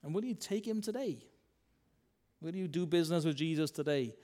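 Brief: male minister, sermon delivery, slightly high voice, conversational, leans on tag questions, swings loud to soft. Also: expressive, normal speed.

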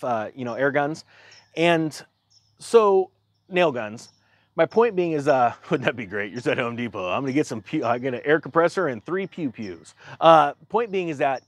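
A man's voice: mid-range voice, dry recording. A man telling a rambling, exasperated story as a video commentator, restarting his sentences and acting out both sides of a conversation. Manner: exasperated, self-interrupting restarts. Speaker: YouTube commentator. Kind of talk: casual anecdotal rant.

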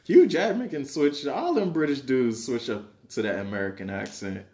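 A man's voice: medium pitch, expressive, moderate pace, a little mellow. Laid-back young man hosting a podcast. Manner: laid-back, joking, slangy. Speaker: podcast host. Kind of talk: casual chat.

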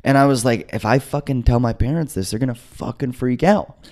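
A young man in his twenties, a podcast co-host, telling a story casually, swearing and acting out quotes. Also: brisk. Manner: animated, swearing, acts out quotes with jumps in pitch.

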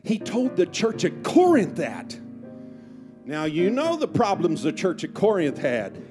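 A male pastor preaching a sermon at a church service, out of breath, shouting at the peaks and dropping to whispers. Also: sits high, huge pitch swings, measured pace, over music.

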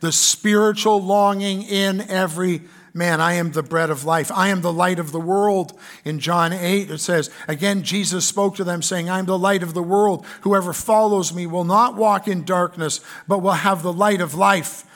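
A pastor with a Canadian accent preaching a sermon in an earnest way, reading scripture aloud with fillers. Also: male voice, sits high, fairly even intonation, moderate pace, fairly bright tone.

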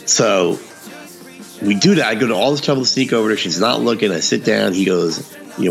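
A man's voice: medium pitch, brisk, soft background music. A man co-hosting a casual chat, telling stories and acting out the voices of the people in them. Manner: animated storyteller, acts out quotes.

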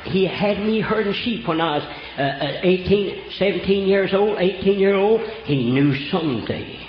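A man's voice: sits high, moderate pace, faint music behind. An older man preaching a folksy storytelling sermon, from Oklahoma, with homespun rural grammar. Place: church. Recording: echoey church room, dull lo-fi sound.

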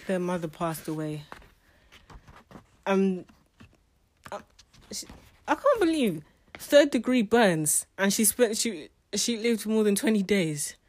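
A woman's voice: medium pitch, a little mellow. A woman giving a casual spoken book review, chatty and emotional, often restarting her sentences.

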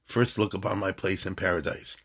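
A man reads out an old rabbi's lines in a solemn, measured poetic recitation. The low voice stays close to the reader's own. It sounds like a poem being read to a class. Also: steady tone, fairly bright tone, slightly rough. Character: aged devout rabbi defying death, male.

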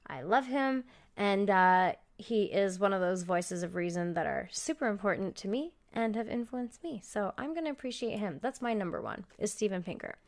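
A woman's voice: mid-range voice, animated, normal speed. Profane chatty woman from Canada. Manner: chatty, profane, Valley-girl cadence. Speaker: live stream host. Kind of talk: casual livestream chat.

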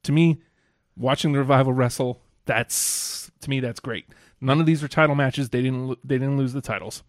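A man co-hosting a casual podcast about wrestling, talking with enthusiasm and bursting into excited quotes. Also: mid-range voice, moderate pace, no echo, studio quality. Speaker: podcast co-host.

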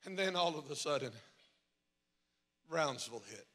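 A man preaching a revival sermon as pastor, shouting in a sung cadence at the peaks and dropping low and quiet in between. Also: expressive, moderate pace. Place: church sanctuary. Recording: long reverb of a large hall.

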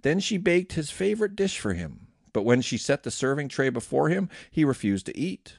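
Guy reading the bible out loud, really animated pitch, dry close mic. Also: moderate pace, creaky, dry recording. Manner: expressive reading with lively voiced quotes.

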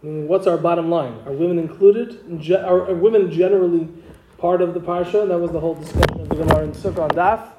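A man's voice: fairly high pitch, steady tone, quick pace, muffled recording. Man teaching a Talmud class. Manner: explains step by step, asks students questions. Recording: echoey room with noise.

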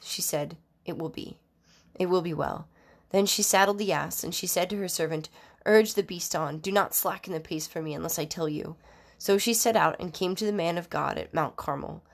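Low-voiced woman reading scripture. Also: vocal fry. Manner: measured, formal reading with occasional slips and restarts. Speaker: scripture reader. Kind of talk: Bible reading aloud.

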